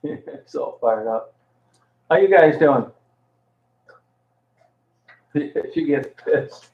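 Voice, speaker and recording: A man's voice: fairly high pitch, lively intonation, extremely slow, vocal fry. A man on a casual live stream, cooing fondly and repeating pet talk to his dog between greetings to viewers. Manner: coos over and over in fond pet talk. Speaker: vlogger talking to his dog. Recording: tinny phone-like audio in an echoey room.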